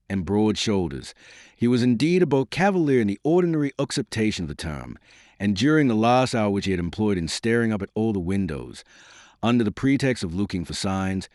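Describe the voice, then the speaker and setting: Male narrator, audiobook reading, low voice, lively intonation, dry close sound. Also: no echo.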